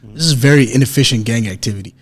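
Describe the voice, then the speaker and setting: A man's voice: mid-range voice, quick pace, breathy edge. A man chiming in on a podcast with wry jokes about the story being told. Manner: wry joking interjections. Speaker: podcast co-host. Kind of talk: casual chat.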